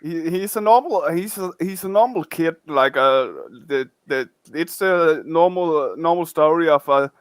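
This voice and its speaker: A man hosting a casual podcast chat, talking in halting bursts and often repeating words. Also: on the high side, smooth, dry recording. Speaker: podcast host.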